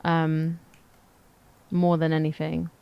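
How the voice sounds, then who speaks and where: A young woman, co-hosting a podcast and chatting in an animated, slangy, emphatic way. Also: sits low, takes it slowly, creaky, clear, resonant tone, muffled recording. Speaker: podcast co-host. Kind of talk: casual chat.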